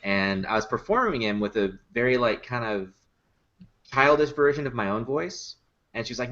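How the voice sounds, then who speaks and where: This puppet maker and performer has a medium-pitched, fairly bright voice, animated and brisk as he tells stories on a relaxed podcast. He laughs readily and fills his talk with fillers. The audio is dull.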